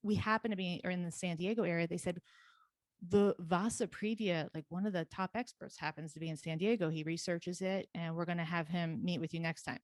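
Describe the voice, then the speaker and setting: A woman talking as a podcast guest, telling a personal story in a rapid, animated way and laughing often. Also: on the low side, no echo. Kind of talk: casual interview storytelling.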